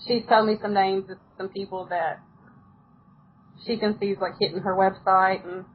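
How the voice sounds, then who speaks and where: A woman's voice: medium pitch, steady tone, normal speed. A talkative woman chats casually as an author on a podcast. Her stories run on loosely and she laughs easily. The sound is muffled, with a little background noise. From United States. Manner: chatty, storytelling, laughs often. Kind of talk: casual interview chat.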